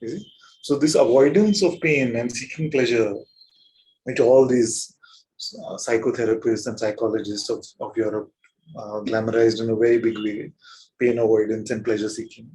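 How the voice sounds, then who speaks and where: Chuckling frequently, a teacher leads a spiritual talk for his gathering, teasing his listeners along with rhetorical questions in a gently playful way. His mid-range voice keeps a steady tone at a moderate pace, though the recording quality is rough.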